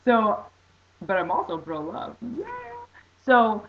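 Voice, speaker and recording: A woman telling a story casually on her vlog, excitable and rambling, full of "like". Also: medium pitch, slow pace, highs cut off, a little hiss or hum. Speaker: vlogger.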